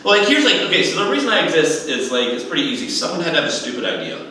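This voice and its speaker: A young man doing a stand-up comedy set, telling animated stories and acting out other people's voices. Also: fairly high pitch, very fast, far from the mic, a little hiss or hum. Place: comedy club stage. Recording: echoey room heard from afar.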